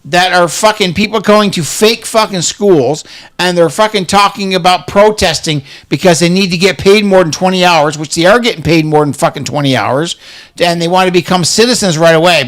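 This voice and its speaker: A man's voice: sits high, brisk, fairly bright tone. A middle-aged man in casual chat, ranting heatedly with lots of swearing and stammered restarts. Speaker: co-host.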